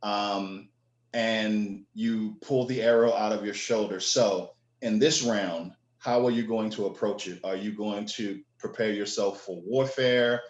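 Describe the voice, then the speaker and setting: A man running a tabletop game as game master, explaining the rules at an unhurried pace with many fillers. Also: fairly low pitch, steady tone, roomy sound, lo-fi sound.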